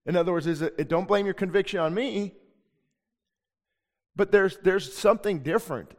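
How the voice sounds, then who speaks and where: Earnest pastor preaching in a reverberant hall. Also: male voice, high voice, moderate pace. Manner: earnest, emphatic, with frequent restarts. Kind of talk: sermon. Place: church sanctuary. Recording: long reverb of a church hall.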